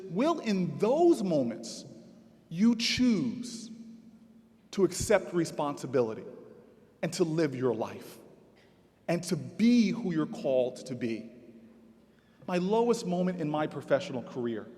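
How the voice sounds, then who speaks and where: A man's voice: high voice, darkish tone. A man giving a commencement address as a city mayor, telling stories in a candid and emphatic way. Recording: long reverb of a large venue.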